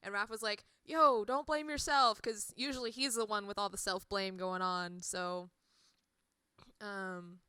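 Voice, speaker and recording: A woman's voice: medium pitch, fairly even intonation, a little slow, sharp tone, smooth, no echo. A young woman co-hosting a fan podcast in casual chat, giggly and hesitant, with many "uh" and "um" fillers. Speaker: podcast co-host.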